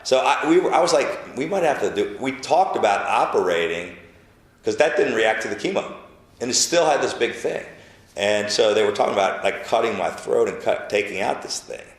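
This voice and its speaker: A deep-voiced man with a gravelly edge tells a personal story, stumbling and restarting as the emotion catches up with him. His voice drops soft when he repeats what was said. The room around him is echoey. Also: lively intonation, normal speed. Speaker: interview guest.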